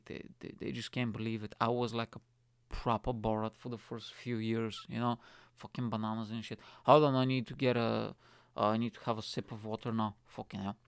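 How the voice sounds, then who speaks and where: Gravelly man rambling. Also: medium pitch, no room sound. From Bulgaria. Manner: swears freely, says "mate" constantly, chatty and rambling. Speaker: comedian and podcast host. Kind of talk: casual rambling solo monologue.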